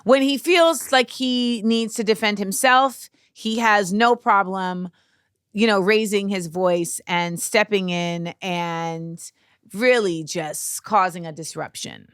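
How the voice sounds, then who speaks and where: Woman, podcast host, personal storytelling, halting restarts, very slow delivery, dry close sound. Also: mid-range voice, a bit bright, clean tone, no echo.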